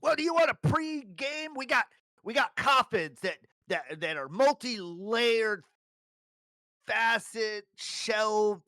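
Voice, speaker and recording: A man voicing a pushy little male goblin salesman who hawks coffins in a loud, hard-selling patter. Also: very high voice, animated, slow, dry recording, studio quality, pitched above the performer's own voice, exaggerated voice.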